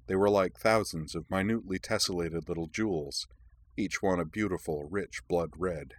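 A man narrating an audiobook in a measured, even reading. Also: deep voice.

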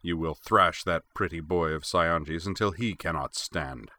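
A man's voice: sits low, moderate pace, pushed and bright. A man voicing a big, stern older male warlord who growls commands at his young student.

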